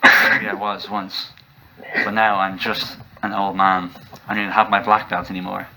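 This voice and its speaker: The Black, a man doing a gruff old martial arts master. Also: deep voice, flat delivery, moderate pace, pushed and bright, a little hiss or hum, full character voice, rough recording. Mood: gruff scornful.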